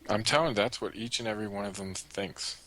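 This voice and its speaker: A man co-hosting a casual podcast, teasing in a deadpan way and swearing freely. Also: on the low side, fast. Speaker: podcast co-host. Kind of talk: casual banter.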